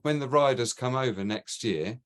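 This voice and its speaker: A man with a British accent hosting a casual podcast interview, chatty and quick to laugh. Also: mid-range voice. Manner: chatty, laughs easily, many restarts. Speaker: podcast host.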